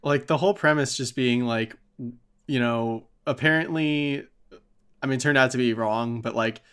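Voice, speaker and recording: A man's voice: mid-range voice, a bit bright, clear, resonant tone. A young man chatting casually about a movie, often laughing and retelling scenes in put-on voices.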